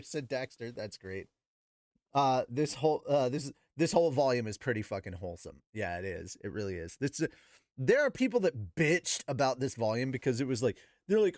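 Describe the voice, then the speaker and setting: Animated, swearing man reading a novel aloud. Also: medium pitch, normal speed, dry recording, studio quality. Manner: animated, profane, laughing asides. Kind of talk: book reading with casual commentary.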